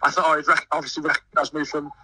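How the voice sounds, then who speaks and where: A young man who sings in a choir and volunteers at a festival, talking excitedly in a radio interview and often stumbling over his words. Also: on the high side, racing, slightly rough, no echo, far from the mic, poor audio. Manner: eager, stumbling restarts. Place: busy outdoor festival field.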